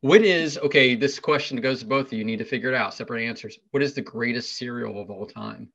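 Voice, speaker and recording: A man's voice: medium pitch, fast talker, creaky, a bit bright, highs cut off. A man co-hosting a casual podcast interview, joking around and laughing often as he asks playful questions. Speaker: podcast co-host.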